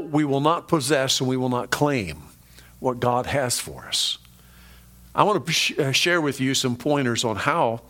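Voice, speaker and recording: A man preaching a sermon, emphatic and conversational, swinging from rising peaks to low drops and speaking directly to his listeners. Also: fairly bright tone. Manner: conversational asides to the congregation. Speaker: pastor.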